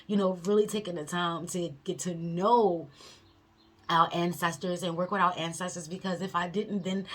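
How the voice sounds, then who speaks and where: A woman with a fairly low voice shares a spiritual experience on her tarot channel. Her talk is heartfelt and emotional, loose and casual, full of easy slang. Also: fairly even intonation, moderate pace.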